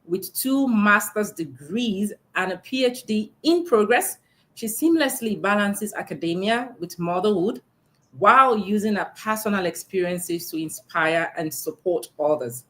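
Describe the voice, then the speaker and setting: Lively laughing woman host. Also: medium pitch, unhurried. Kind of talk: virtual book launch interview. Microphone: video call.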